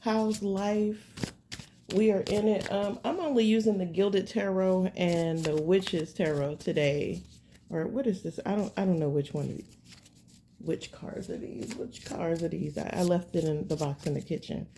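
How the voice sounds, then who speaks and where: Laid-back, rambling woman with a mellow voice. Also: fairly low pitch, normal speed, slight background noise. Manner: rambling, laid-back and slangy, talks to viewers directly. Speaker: tarot reader. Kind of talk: casual tarot reading to camera.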